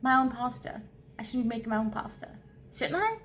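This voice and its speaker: A woman in her fifties chatting casually at home for her crochet vlog, rambling and easily excited. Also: fairly high pitch, brisk, slight background noise. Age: 50s. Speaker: crochet vlogger. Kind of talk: casual chat.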